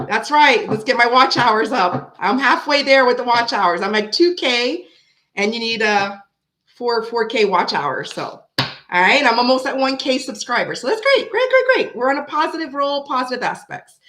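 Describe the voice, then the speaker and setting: A woman's voice: a little high, animated, normal speed, sharp tone, slight background noise. A woman hosting a tarot live stream, chatting casually and greeting viewers one by one by name.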